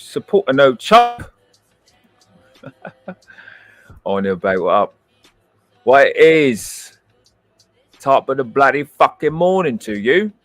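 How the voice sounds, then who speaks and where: A man with a British accent hosting a livestream, giving brash, profane and boastful commentary into a close mic at home. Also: fairly low pitch. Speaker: livestream host.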